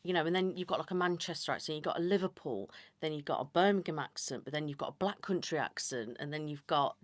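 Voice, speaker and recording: A woman with a Staffordshire accent, hosting an ASMR live stream and chatting in a rambling, casual way that slips into soft whispered asides. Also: deep voice, quick pace, no room sound. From Staffordshire, England. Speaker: ASMR channel host.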